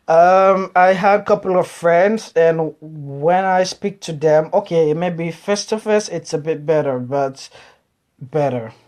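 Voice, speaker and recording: A woman from Africa with an African English accent, telling her story in an interview in a casual, animated way, often repeating words and acting out other people's reactions. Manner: animated, acts out quoted reactions with big pitch jumps; repeats words and restarts phrases. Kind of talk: casual personal account.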